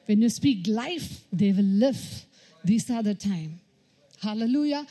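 Woman preaching, mellow voice. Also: on the high side. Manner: repetitive exhortation, frequent hallelujahs. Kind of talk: sermon.

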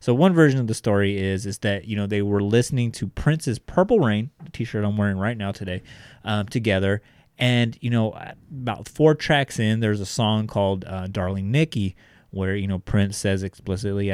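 A man's voice: fairly low pitch, moderate pace, a little mellow, smooth, no room sound. A man co-hosting a podcast, reading a sponsor spot and chatting casually, loose and profane, often saying "guys". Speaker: podcast co-host. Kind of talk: casual podcast chat with ad read.

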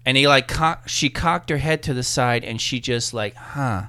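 Bright, clear-voiced man telling a story. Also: mid-range voice, normal speed. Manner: animated, acts out voices in his anecdotes. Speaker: podcast guest telling a story. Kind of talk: casual storytelling.

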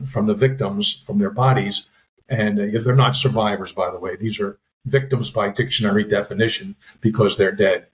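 Low-voiced man explaining with halting fillers. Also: rough recording. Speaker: podcast co-host, former FBI agent. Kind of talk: casual podcast discussion.

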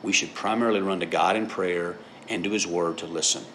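A man's voice: low voice, fairly even intonation, fairly quick, fairly bright tone, slight background noise. A middle-aged man preaching a sermon in a conversational, storytelling way, often checking in with his listeners. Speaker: pastor.

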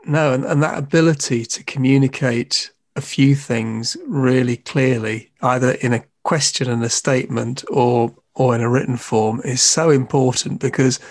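A man interviewing, mostly giving short backchannel replies before adding a clear follow-up point. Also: medium pitch, fairly even intonation, moderate pace, few pauses, no room sound. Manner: brief backchannel, then clear follow-up remarks.

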